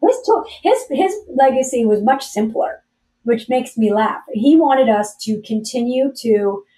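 A woman's voice: on the high side, animated, unhurried, mellow, a little hiss or hum. A woman in her forties, a podcast guest telling a personal story candidly, earnest and emotional with self-deprecating humor. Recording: voice a bit distant from mic.

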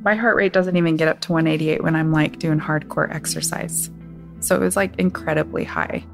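Gravelly low woman recalling a hard day. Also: animated, a little fast, over music. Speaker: interviewee, sister. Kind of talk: emotional personal testimony.

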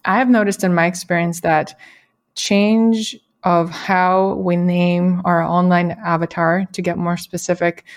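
A woman hosting an interview, speaking in a measured, reflective way and asking thoughtful questions. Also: lowish voice, level tone. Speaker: podcast host.

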